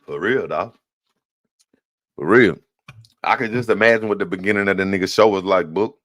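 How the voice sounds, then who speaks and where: A man's voice: sits low, moderate pace, a bit bright, dry recording. A man, ranting heatedly and profanely as a live stream host. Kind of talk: casual ranting commentary.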